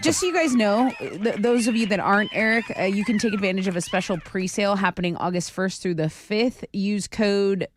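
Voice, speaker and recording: A woman's voice: medium pitch, brisk, hardly any pauses, no echo. Offhand woman co-hosting radio. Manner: offhand, reads prize details. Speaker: radio co-host. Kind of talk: casual radio chat.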